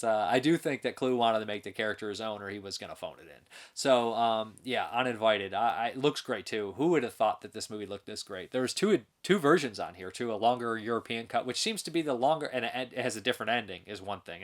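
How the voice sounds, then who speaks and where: A man hosting his own channel, giving an enthusiastic, rambling spoken movie review with frequent restarts and chuckles. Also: fairly low pitch.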